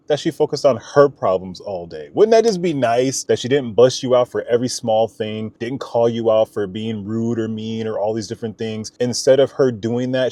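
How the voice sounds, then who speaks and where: A man's voice: lowish voice, mellow. A man giving marriage advice straight to the camera, in a casual, emphatic way with rhetorical questions, calling the listener brother. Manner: conversational, addresses viewer as brother. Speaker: marriage coach. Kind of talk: direct-to-camera advice talk.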